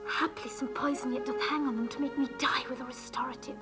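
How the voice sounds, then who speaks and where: An actress playing a grief-stricken young tragic heroine in a film drama, in a slow, anguished stage delivery. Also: female voice, high-pitched, steady tone, music in the background, lightly acted. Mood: whispering.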